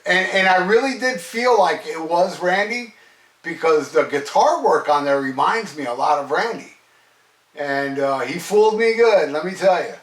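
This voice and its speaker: Middle-aged male reviewer, excitable and rambling, slightly high voice, mic set back in a roomy space. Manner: enthusiastic, rambling, swears freely. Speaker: metal album reviewer. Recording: roomy echo, distant from mic.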